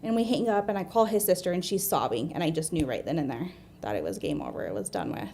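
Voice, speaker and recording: A woman in her thirties with an American accent speaks in a mellow, darker tone as an interview guest. She is open and earnest and often restarts her sentences. She talks in a plain, unhurried way. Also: sits low, very animated, slight background noise. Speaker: guest, admissions medical assistant. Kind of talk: candid interview storytelling.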